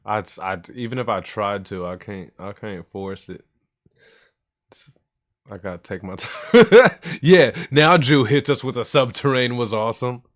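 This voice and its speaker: A man's voice: lowish voice, measured pace. Profane, hyped male stream host. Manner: loud, profane, shouts greetings to chat. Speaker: livestream host. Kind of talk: casual hype livestream chat. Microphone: desk microphone for streaming.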